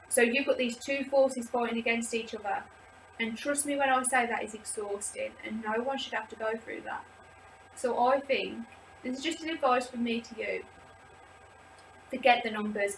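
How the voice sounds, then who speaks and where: A woman rambles chattily, with her voice sitting a little high. She is recorded from a distance in an echoey room with faint background noise. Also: a bit bright. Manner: chatty and rambling, many "like" fillers. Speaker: vlogger leading a support group video. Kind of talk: casual personal talk to camera. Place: indoors, seated.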